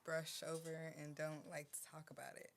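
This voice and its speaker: A woman's voice: low voice, flat delivery, normal speed, a crowd in the background. Self-assured woman chiming in. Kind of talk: casual podcast chat.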